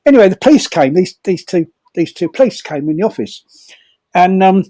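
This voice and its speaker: An older man tells a funny anecdote at a comedy fundraiser, halting and repeating words and chuckling as he goes. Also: high voice, expressive, warm tone, no room sound, clean studio sound. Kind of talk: comic anecdote telling.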